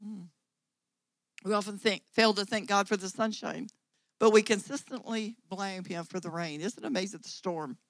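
A woman's voice: mid-range voice, normal speed, dry recording, poor audio. Emphatic woman preaching to women. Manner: emphatic preaching with repeated phrases and swelling volume. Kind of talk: sermon.

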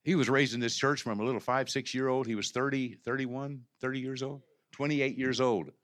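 A pastor preaching a sermon, with a bright, forceful tone. He talks low and conversational, then climbs into loud, impassioned preaching, stumbling and restarting along the way. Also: steady tone, fairly quick. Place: church sanctuary.

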